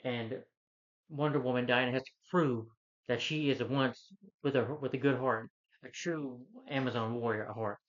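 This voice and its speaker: A man's voice: mid-range voice, steady tone, moderate pace. Rambling male movie reviewer, lo-fi sound. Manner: rambling, repetitive plot recap with restarts. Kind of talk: casual spoken film review. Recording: slightly dull, lo-fi recording.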